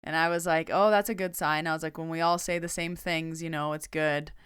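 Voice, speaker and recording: A woman's voice: low voice, steady tone, a little fast, a bit bright, smooth, no echo. Chatty young woman telling a story on her podcast, says like a lot, very clean dry mic. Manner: chatty, lots of "like" and quoted dialogue. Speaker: podcast host and medium. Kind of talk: casual storytelling monologue.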